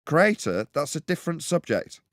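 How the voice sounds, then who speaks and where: A man's voice: mid-range voice, lively intonation, fairly quick, no echo. This is a man speaking on a live-stream panel, with a mid-range voice and a close, dry sound. He argues his point in long, rambling sentences and often stops and restarts.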